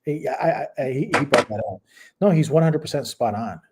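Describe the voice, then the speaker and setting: A man's voice: mid-range voice, fairly quick, very noisy. A man co-hosting a casual podcast chat, a rambling storyteller who stops and restarts often. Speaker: podcast co-host.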